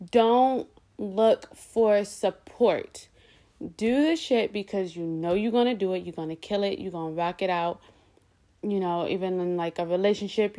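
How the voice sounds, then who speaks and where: A woman hosting her own podcast in a casual solo monologue, talking candidly with plenty of slang and cursing, and slipping into voices when she quotes people. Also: medium pitch. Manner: animated, slips into voices when quoting people. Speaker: podcast host.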